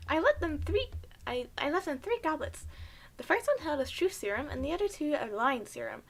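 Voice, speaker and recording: A woman's voice: sits high, wildly swooping pitch, brisk, voice pushed up, full character voice. A woman voicing a delicate, fretful little mouse who pleads melodramatically for help. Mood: pleading.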